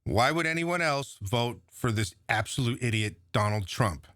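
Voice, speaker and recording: A man's voice: mid-range voice, animated, moderate pace, fairly bright tone, dry recording, clean studio sound. A man delivering an angry, profane political rant, mocking and heated as he comments on a clip.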